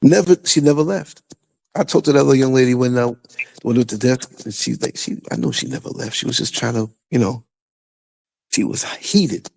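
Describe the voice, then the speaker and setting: Older new guy on a podcast, raspy gravelly voice, talks big and emphatic. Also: mid-range voice, normal speed. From New York. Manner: animated storytelling, emphatic and repetitive. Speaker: podcast host. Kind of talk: casual chat.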